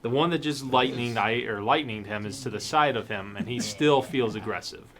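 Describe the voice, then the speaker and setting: A man running a tabletop game as game master, casual and quick to laugh, swearing now and then. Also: mid-range voice, a bit bright.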